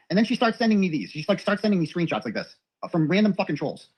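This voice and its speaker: Male, high voice, very fast talker, profane ranting monologue reading texts aloud. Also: very animated, breathy edge. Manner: rapid, profane, reads messages aloud. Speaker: man recounting his ex's messages.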